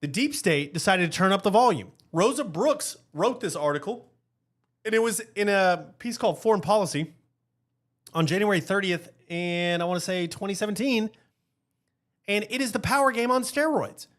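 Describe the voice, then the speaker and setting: Animated high-voiced male podcast host. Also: moderate pace. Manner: animated, rhetorical, keeps asking "right?". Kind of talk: heated political commentary.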